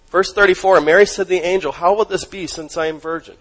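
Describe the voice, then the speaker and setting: A man preaching a sermon as pastor, emphatic, asking the congregation questions and dropping his voice low on key words. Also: fairly even intonation, fast talker, fairly bright tone, rough recording.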